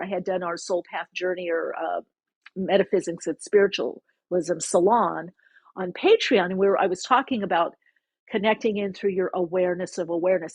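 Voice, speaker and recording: Husky-voiced woman host telling a story. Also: lowish voice, dry recording. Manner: rambling, self-interrupting, animated retelling. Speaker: podcast host. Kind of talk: casual spiritual storytelling.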